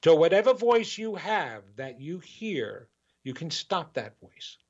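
A man's voice: a little high, big pitch swings, unhurried. A man hosting a spiritual talk show, speaking earnestly and repeating phrases to build emphasis in a motivational address. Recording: dull lo-fi recording.

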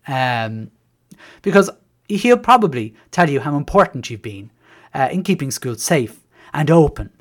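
A man with an Irish accent hosts a casual podcast monologue. He rambles and doubles back with dry sarcasm, his pitch moving in wide, lively swings. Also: unhurried. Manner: rambling, sardonic, many restarts. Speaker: podcast host, teacher.

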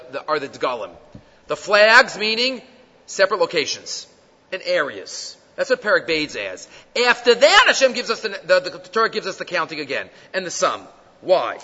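Man, Torah lecture, animated rhetorical questions, long hall reverb, muffled lo-fi sound. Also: high-pitched. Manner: animated, asks rhetorical questions, mixes Hebrew quotes into English. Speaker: rabbi teaching the weekly Torah portion. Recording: dull lo-fi recording in a reverberant hall.

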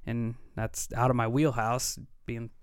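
A man in his thirties with a smooth, clean voice, telling a story in an earnest, animated way and playing out the dialogue. His voice sits in a middle range and sounds dry and close, with no room around it. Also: mid-range voice, measured pace, no echo. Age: 30s. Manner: earnest, vivid retelling with quoted dialogue. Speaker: podcast co-host. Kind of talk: casual storytelling.

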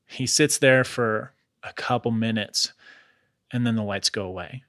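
A man with a bright, forceful voice recounts a strange tale in a casual podcast chat. He uses loose slang like "bro" and "dude" and keeps an easy conversational flow. The sound is close and dry. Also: medium pitch, unhurried, no room sound. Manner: relaxed retelling with slangy asides like "bro" and "dude". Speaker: podcast host.

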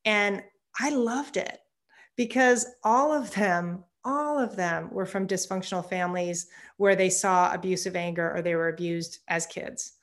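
A woman in her fifties, a psychotherapist guest talking candidly in a conversational interview and laughing often. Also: mid-range voice. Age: 50s.

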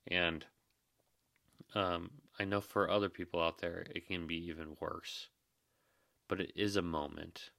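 A man's voice: low-pitched, fairly even intonation, unhurried, vocal fry, long pauses, bright, forceful tone, dry recording, studio quality. A tired young man, a new dad and emergency manager, hosting a podcast in an earnest, reassuring, rambling way. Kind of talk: casual podcast monologue.

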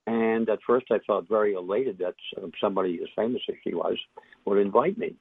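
An older man tells his story as an interview guest, reflective and halting, with many fillers and restarts. His voice is low, gravelly and husky. It comes over a dry, tinny phone line. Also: no room sound.

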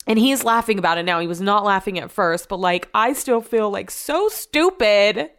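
Chatty young woman, smooth clear voice. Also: mid-range voice, lively intonation, moderate pace, a bit bright. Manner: chatty and rambling, with constant "like" fillers. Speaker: vlogger and radio host. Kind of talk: casual storytelling vlog.

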